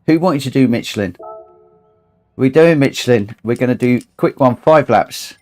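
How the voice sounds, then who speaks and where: Man, livestream host, tired, emotional, rambling, casual gaming chat, mid pitch. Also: normal speed, darkish tone. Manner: emotional, rambling, repeats himself.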